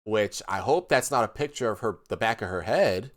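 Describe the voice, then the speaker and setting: Mocking, animated male streamer. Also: on the low side, normal speed. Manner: animated, mocking, reads messages aloud in a flat voice. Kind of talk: casual reaction commentary.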